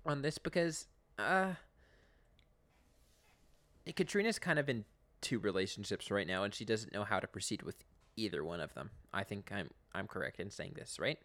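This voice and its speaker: Young man, podcast co-host, casual chat, lively up-and-down voice, laughing. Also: lowish voice, moderate pace. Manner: animated, laughing, with many restarts. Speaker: podcast co-host recapping episodes.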